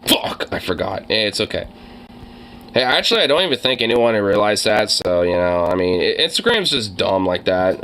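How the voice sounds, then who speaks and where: A young man streaming casually, rambling and swearing, quick to get excited. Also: fairly low pitch, a little hiss or hum, poor audio. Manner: profane, rambling, easily excited. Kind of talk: casual livestream chat.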